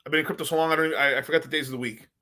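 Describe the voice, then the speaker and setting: A man's voice: on the high side, steady tone, very fast, bright, forceful tone. A man hosting his own crypto video, rambling in a loose, profane rant with lots of swearing and laughter. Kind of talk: casual profane rant to camera.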